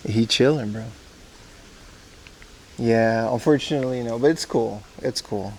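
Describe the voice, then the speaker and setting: Outdoors at a zoo park, a streamer from Aruba jokes and swears while chatting with viewers on a casual IRL livestream. He has a medium-pitched, darkish voice, speaks unhurriedly, and there's a little hiss or hum.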